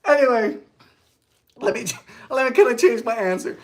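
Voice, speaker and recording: A playful man hosts a casual baking livestream from his home kitchen, chatting with viewers in a goofy, joking way. His pitch leaps up and down constantly as he talks, full of animated swings. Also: normal speed, pauses often. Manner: playful, goofy, breaks into loud laughter. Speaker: baking show host. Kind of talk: casual livestream chat reading viewer comments.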